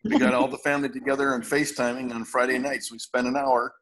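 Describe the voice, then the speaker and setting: A man from the congregation chatting casually on a video call, friendly and relaxed. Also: mid-range voice, quick pace, rough recording. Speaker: congregation member. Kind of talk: casual chat. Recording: faint noise on a video call.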